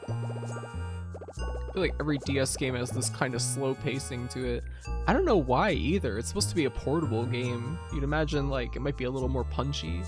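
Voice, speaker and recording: A woman's voice: rumbling low, moderate pace. A woman streamer giving hesitant, filler-heavy commentary on a game. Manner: flat, hesitant, full of fillers. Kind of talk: let's play commentary. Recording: game music playing behind.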